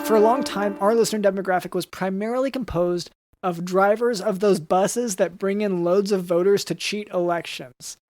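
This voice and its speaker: A man hosting a comedy podcast, talking in a halting, hesitant way full of fillers and restarts. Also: high-pitched, dry recording, clean studio sound. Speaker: podcast host.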